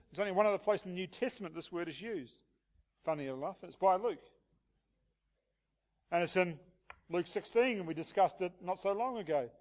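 A man preaching an expository sermon and asking the congregation rhetorical questions. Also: high-pitched. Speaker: pastor.

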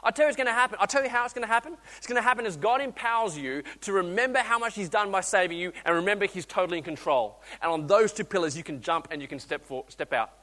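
A man, a guest preacher telling a story in a sermon, swinging between loud urging and quiet intimate speech. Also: high voice, very fast, hardly any pauses, in a large hall. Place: church hall.

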